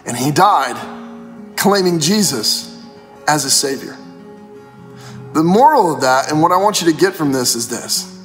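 A man with a high voice delivers a casual pastor's devotional, retelling scripture in everyday slang. The sound carries a long hall reverb. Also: expressive, unhurried, pauses often, a bit bright, faint music behind.

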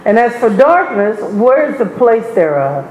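Slow scripture reader in an echoey church. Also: medium pitch, very animated, narrow, tinny audio. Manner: slow, measured reading of old-style verse. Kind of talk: reading scripture aloud. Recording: echoey church with faint noise.

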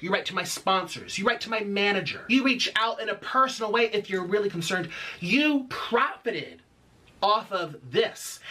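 A man's voice: sits high, bright, forceful tone. A man delivering an angry, sarcastic rant in a response video, mocking the person he addresses. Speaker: YouTuber posting a response video. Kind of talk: angry ranting monologue.

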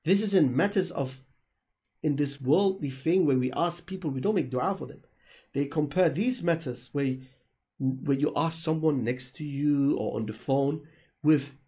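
Fairly high-pitched yet darkish and slightly rough, this man's voice comes through an online call where he fields questions in a religious debate. He preaches emphatically, repeating points for stress.

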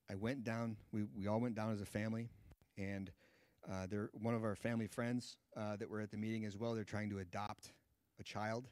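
Preacher in his 30s, low voice, lively storytelling, dry sound. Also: dry recording. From United States. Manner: lively storyteller acting out dialogue. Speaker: guest Bible teacher. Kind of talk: sermon storytelling.

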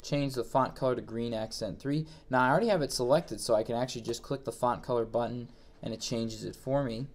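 A man reading each step of a software exercise aloud, then thinking aloud as he walks through it on screen. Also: mid-range voice, a little fast, hardly any pauses. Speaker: instructor. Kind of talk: screen-recorded software tutorial.

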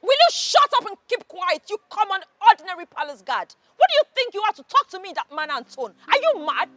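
A Nigerian actress playing a proud, quick-tempered noblewoman who scolds sharply. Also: very high-pitched, very animated, fairly bright tone, dry recording, exaggerated voice. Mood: furious. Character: haughty hot-tempered young noblewoman. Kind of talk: Nollywood drama acting.

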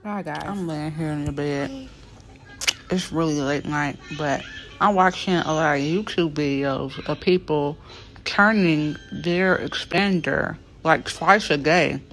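Frustrated woman vlogger, slangy and blunt, with a lisp from a palate expander and a slightly low voice. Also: slow pace, a bit bright. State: speech thick and lisping from a new palatal expander. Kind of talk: casual venting to camera.

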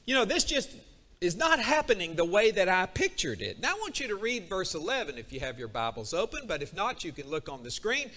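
Man, preacher, high voice, bright tone, lively sermon delivery in a church. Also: brisk. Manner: animated, acts out a character's complaints. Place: church sanctuary.

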